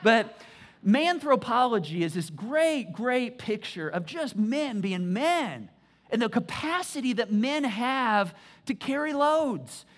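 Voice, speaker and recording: A male pastor giving an energetic sermon in a church, often repeating words as he pushes his point. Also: extremely high pitch, slow. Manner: energetic, stammering repeats, emphatic.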